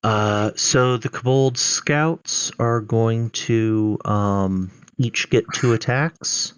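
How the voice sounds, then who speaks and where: A man's voice: fairly low pitch, very slow, clear, resonant tone, no room sound. A man running a tabletop game as dungeon master, narrating enemy turns with frequent ums and uhs. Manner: hesitant, many fillers.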